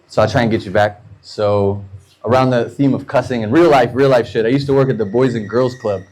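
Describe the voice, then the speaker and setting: An American stand-up comedian in his thirties tells loose, profane stories, popping into quick voices for the characters. His voice is medium-pitched and a little mellow, but the audio quality is poor.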